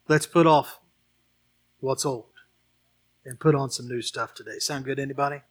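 A man's voice: medium pitch, fairly even intonation, normal speed, pauses often. A man preaching a sermon and leading a closing prayer, earnest and building to emphatic repeated questions. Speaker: pastor.

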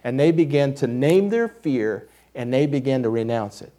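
A middle-aged man preaching a sermon, telling a personal story with emphatic, storytelling delivery that drops to quiet intensity. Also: medium pitch, expressive, normal speed. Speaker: pastor.

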